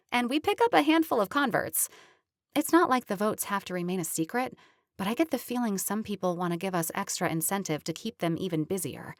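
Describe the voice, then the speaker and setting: A woman narrating a romantic comedy audiobook in the first person, lively and chatty. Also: mid-range voice, no room sound, studio quality.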